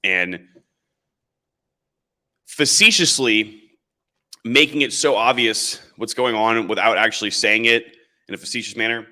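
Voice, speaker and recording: A man's voice: fairly low pitch, unhurried, long pauses, bright, forceful tone. A man hosting a casual livestream, reading chat comments and rambling sarcastically, calling his viewers boys. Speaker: livestream host. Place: indoors, standing in camera frame.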